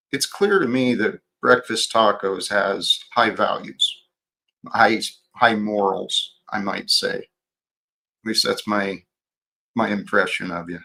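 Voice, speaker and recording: A man hosting his own livestream, talking in a slow, reflective way with frequent restarts. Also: fairly low pitch, creaky, bright, forceful tone. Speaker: livestream host. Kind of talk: casual livestream chat.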